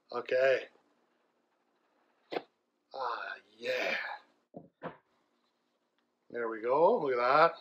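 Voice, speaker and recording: A man vlogging an unboxing, chatty and excited, describing gear as he handles it. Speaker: tech vlogger. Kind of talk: enthusiastic unboxing vlog. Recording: low-quality video audio.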